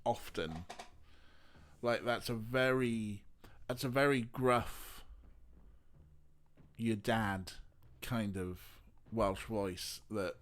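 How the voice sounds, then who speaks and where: Male streamer, casual let's-play chatter, rambling, lowish voice. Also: drawn-out words, pauses often. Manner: rambling, filler-heavy musing.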